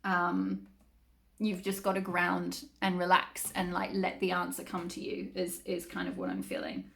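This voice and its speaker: A woman's voice: on the low side, moderate pace, creaky, fairly bright tone. A woman giving a casual tarot reading to her viewers, chatty and rambling, with lots of fillers. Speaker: tarot reader.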